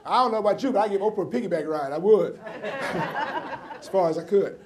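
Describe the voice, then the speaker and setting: A middle-aged man performing stand-up comedy, telling a personal story with wry, punchy asides and sharp comic timing. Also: high voice, expressive, brisk, crowd noise.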